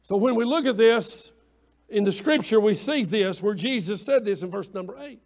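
A man's voice: high-pitched, expressive, moderate pace, darkish tone. A man preaching a fervent sermon, calling out to his congregation and pressing his points with emphasis.

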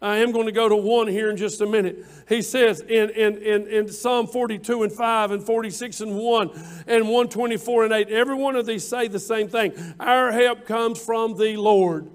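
High-voiced preaching man, emphatic and drawn out. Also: fairly even intonation. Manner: preaching with drawn-out emphatic lines, rising louder on scripture quotes. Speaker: pastor. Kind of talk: sermon.

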